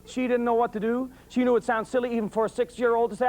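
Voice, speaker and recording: A man's voice: very high-pitched, little pitch movement, fast talker, hardly any pauses, a crowd in the background, background noise. A middle-aged man giving a folksy, humorous talk on raising children, acting out voices as he tells stories. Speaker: police sergeant giving parenting talk. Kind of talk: folksy talk to a live audience.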